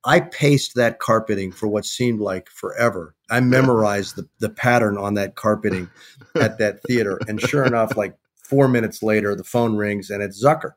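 A middle-aged man, a guest on a podcast, telling a lively anecdote and acting out the dialogue of the people in it. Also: lowish voice, normal speed. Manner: animated anecdote-telling, acts out quoted dialogue. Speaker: sports television executive, guest. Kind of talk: casual storytelling in a podcast interview.

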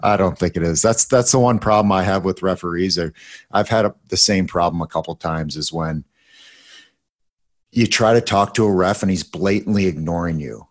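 Deep-voiced man speaking in measured tones. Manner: measured, reflective, with hesitant restarts. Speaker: podcast co-host, youth hockey coach. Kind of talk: casual chat.

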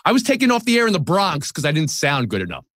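A man's voice: a little high, wildly swooping pitch, fast, a bit bright, no room sound, clean studio sound. A man in his forties from the New York area, a sports TV host talking candidly and self-deprecatingly in a podcast conversation.

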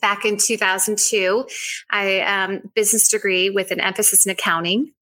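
A woman in her forties answers podcast questions with a bright, forceful tone. She is gracious and keeps her answers going in long, flowing runs. Her pitch sits in an ordinary middle range. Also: steady tone, normal speed, poor audio. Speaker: whiskey company founder, guest. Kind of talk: podcast interview.

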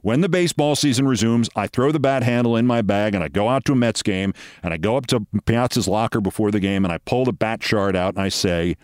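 A man's voice: fairly quick, a little mellow, clean tone, no room sound, studio quality. A middle-aged man hosting a show, telling a long anecdote in a conversational way and acting out the people he quotes. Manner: conversational, acts out quoted people with raised pitch. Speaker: show host. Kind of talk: storytelling monologue.

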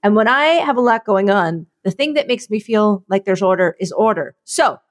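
A woman's voice: medium pitch, expressive, normal speed. A woman co-hosting a podcast in casual chat, rambling and self-mocking as she acts out her own inner voice. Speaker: podcast co-host.

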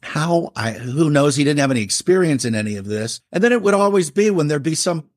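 A man's voice: a little high, lively intonation, a little fast, no echo. Man, middle-aged, writer, rambling anecdote, self-interrupting, dry close recording. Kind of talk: casual anecdotal storytelling.

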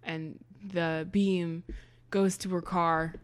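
A woman's voice: lowish voice, little pitch movement, slow, clear, resonant tone. A woman co-hosting a comedy podcast, telling a silly story playfully. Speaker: podcast co-host. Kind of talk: casual comedy podcast chat.

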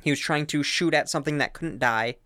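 A man's voice: on the high side, a little fast, pushed and bright, no room sound, studio quality. A man reacting and giving blunt opinions in casual chat, swearing freely. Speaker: podcast co-host.

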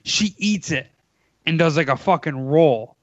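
A man's voice: a little high, unhurried, no echo, highs cut off. Laid-back young man telling a story. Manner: laid-back, swears casually, acts out quotes in a raised voice. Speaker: podcast co-host. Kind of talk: casual storytelling chat.

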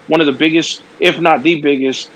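A man in a casual podcast chat, halting and repeating words as he speaks. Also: fairly high pitch, steady tone, a bit bright, dry recording, poor audio.

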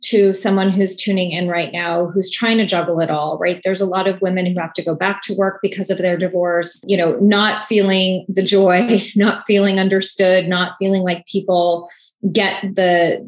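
A woman's voice: fairly low pitch, fairly even intonation, moderate pace. Chatty enthusiastic woman host, echoey. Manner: chatty, enthusiastic, laughs easily. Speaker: podcast host. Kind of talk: podcast interview.

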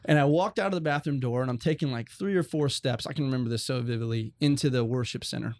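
A man's voice: medium pitch, fast, darkish tone, slight background noise. A young adult man telling a personal faith story as a guest, earnest and rambling with many restarts.

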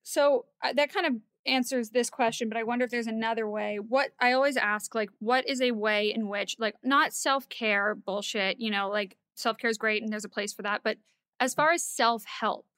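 Bright-voiced woman podcast host. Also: on the high side, steady tone, normal speed, clean tone, no room sound, studio quality. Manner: laid-back, lots of likes and affirming yeahs. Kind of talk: casual chat.

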